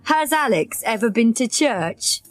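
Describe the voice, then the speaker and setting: A woman's voice: on the high side, lively intonation, measured pace. A woman voicing a bossy, impatient male manager of a pop star in a graded reader audiobook.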